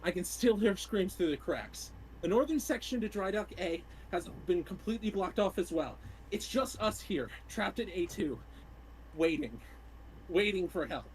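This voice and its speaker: Brief: man playing panicked young male engineer, high strained voice, faint hiss on the line. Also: lively intonation, moderate pace, rough recording. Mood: frightened. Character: terrified young male dock engineer, trapped and pleading. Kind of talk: reading a log entry in character.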